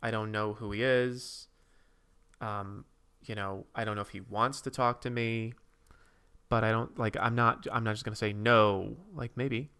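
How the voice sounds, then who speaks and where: Gravelly man chatting on a livestream. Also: fairly low pitch, level tone, measured pace, pushed and bright. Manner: rambling, reads and answers chat; drawing while talking. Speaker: streamer host. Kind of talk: casual livestream chat.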